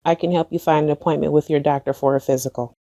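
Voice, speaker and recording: Low-voiced woman receptionist, polite. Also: steady tone, fast, mellow, dry recording, studio quality. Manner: polite, formal phone manner. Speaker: clinic phone receptionist. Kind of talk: scripted phone greeting.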